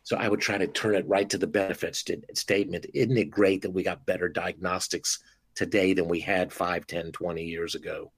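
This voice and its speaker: Low-voiced dentist guy on a podcast, lively, acts out little scenes, dry close sound. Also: a little fast, breathy edge, no room sound. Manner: animated, expressive, acts out dialogues with patients. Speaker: dentist guest. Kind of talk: podcast interview.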